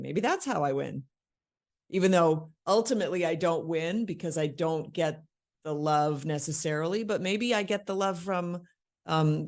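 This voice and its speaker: Low-voiced woman teaching acting. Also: darkish tone. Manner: conversational, acts out lines mid-explanation. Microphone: worn microphone.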